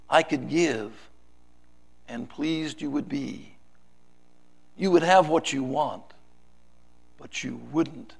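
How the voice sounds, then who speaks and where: A man preaching a sermon, reciting a poem with dramatic swings from loud pleading to hushed softness. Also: on the high side.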